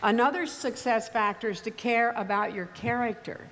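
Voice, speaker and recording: A woman's voice: fairly high pitch, a bit bright, a little hiss or hum. Older woman giving a reverberant commencement speech. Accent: mild Texas. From Texas, US. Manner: measured, wry storytelling with deliberate pauses. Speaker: commencement speaker. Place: large ceremony venue. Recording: reverberant hall, faint ambience.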